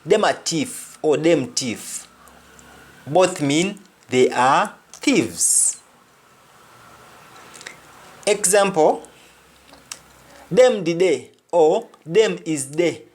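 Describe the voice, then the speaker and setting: A man teaching a language lesson, speaking deliberately and repeating each example phrase. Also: fairly high pitch, expressive, darkish tone, breathy edge.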